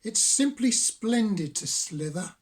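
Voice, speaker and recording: An older man voicing a smug male snake who speaks slowly with drawn-out hissing sounds. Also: high-pitched, lively intonation, voice pushed up.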